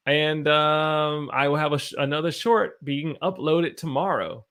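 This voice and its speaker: A man's voice: fairly high pitch, measured pace, hardly any pauses, fairly bright tone, smooth. A man with an American accent teaching English on a live stream, reading viewer comments aloud and exclaiming about quirks of the language.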